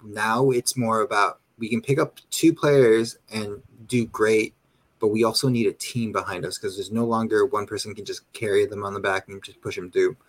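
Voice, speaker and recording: A man with a fairly low voice gives casual opinions on his club in long, rambling runs. He circles back on his points and keeps tagging them with a quick check for agreement. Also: steady tone. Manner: rambling, repeats "you know what I mean". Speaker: panelist. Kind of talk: casual fan talk.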